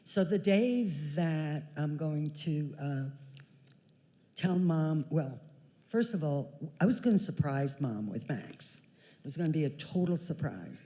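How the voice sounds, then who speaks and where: A woman in her sixties telling a family story on a church stage, chatty and animated, often laughing. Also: low voice, unhurried. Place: large church hall. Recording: church hall with long reverb.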